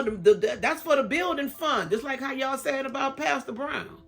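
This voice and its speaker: A woman in her fifties with a Southern US accent vlogs straight to camera in a casual talk about faith, repeating phrases for emphasis. Her voice is high-pitched and gravelly, at a normal speed.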